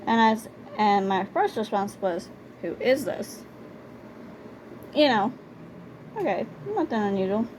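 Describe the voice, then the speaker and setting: A woman's voice: medium pitch, slow pace, long pauses, a little mellow, slight background noise, rough recording. A young woman telling personal stories in a casual vlog, blunt and conversational, repeating words for emphasis. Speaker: storytime vlogger. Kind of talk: casual storytelling.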